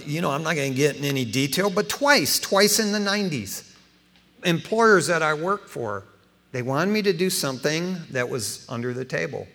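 A man in his fifties preaching a folksy, animated sermon as pastor, acting out dialogue as he tells stories. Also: a little high, creaky. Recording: long hall reverb.

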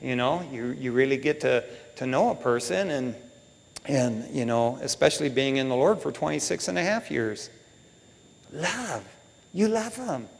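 A man's voice: medium pitch, animated, moderate pace, creaky. A middle-aged man preaching a sermon as pastor, folksy and emotional, with "man" and "you know" all through his talk. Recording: long hall reverb.

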